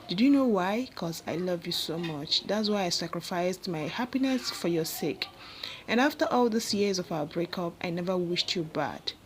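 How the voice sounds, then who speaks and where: A woman's voice: fairly low pitch, slight background noise, close to an everyday voice, poor audio. A woman reading the lines of a heartbroken young man who reproaches his ex-girlfriend in a pleading, hurt way.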